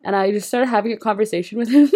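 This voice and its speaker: A young woman in casual chat, relaxed and often laughing while telling stories. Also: mid-range voice, quick pace. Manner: laughing, relaxed storyteller, swears.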